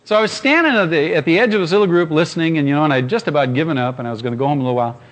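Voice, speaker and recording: A man with a fairly high voice speaks very fast as he preaches to a congregation. His sermon is a humorous personal story told directly to his listeners.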